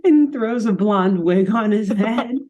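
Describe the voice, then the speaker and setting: A woman co-hosting a podcast who recaps a cartoon in casual chat, animated and giggly. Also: medium pitch, a little slow, lo-fi sound. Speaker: podcast co-host.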